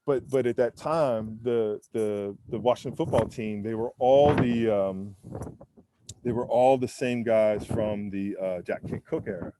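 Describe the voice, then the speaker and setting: A man's voice: fairly low pitch, measured pace. A man in his forties, a former pro football lineman, tells candid stories in a casual interview on a windy rooftop. He talks in a laid-back way with plenty of "man" and "you know", and acts out other people's lines. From United States. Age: 40s.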